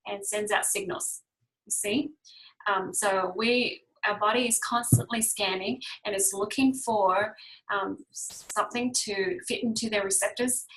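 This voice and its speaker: Woman health teacher, bright sharp tone, casual explainer who keeps checking in with listeners. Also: mid-range voice, poor audio. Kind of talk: casual online class.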